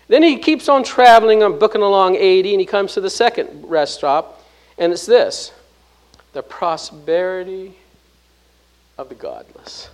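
A man preaching a verse-by-verse sermon, stressing phrases loudly, then dropping low and soft, often restarting words. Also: low-quality recording. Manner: emphatic with frequent restarts and repeated words; swings between loud stresses and low soft drops. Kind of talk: expository sermon.

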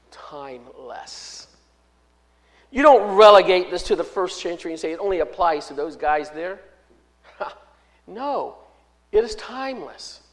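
A pastor in the pulpit, a man whose voice sits notably high for a man. He speaks slowly and deliberately, hammering home key words by repeating them. In prayer he drops to a hushed, quieter tone. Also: rough recording. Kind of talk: expository sermon.

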